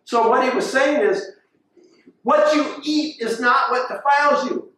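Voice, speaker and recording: A man's voice: very high voice, a little slow, a bit bright. A man giving a sermon, telling stories and acting out the people he quotes. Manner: storytelling, acts out quoted voices. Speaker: pastor. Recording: echoey room, voice from far off the mic.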